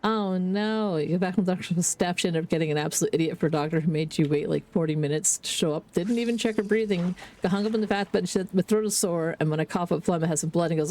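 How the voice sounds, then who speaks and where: A woman's voice: on the low side, fast, darkish tone. A Canadian woman streaming a game, chatting candidly and swearing freely, with rambling restarts. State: under the weather. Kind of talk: casual gaming stream chat.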